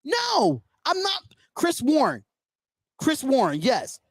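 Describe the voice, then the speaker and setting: A man's voice: very high-pitched, wildly swooping pitch, slow, no echo, clean studio sound. A man hosting a sports call-in show, ranting in an indignant, emphatic way and repeating himself. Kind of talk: sports talk livestream rant.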